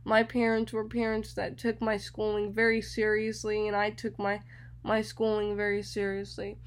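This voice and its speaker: A young woman hosting a radio show, telling personal stories in an animated way and acting out other people's voices. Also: medium pitch, moderate pace. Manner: animated storytelling, acts out others' voices, repeats words.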